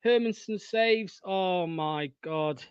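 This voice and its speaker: A young man hosting a live football watchalong, swearing often and swinging from excited shouting to deflated muttering. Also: sits high, takes it slowly, smooth, no echo, lo-fi sound. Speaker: fan watchalong host.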